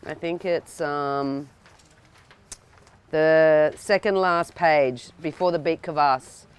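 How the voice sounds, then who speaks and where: A woman's voice: sits low, fairly even intonation, extremely slow, clear, resonant tone. A woman teaching a cooking workshop to a live group, chatty and checking in with the audience, often restarting her sentences. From Australia. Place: indoor workshop room with an audience.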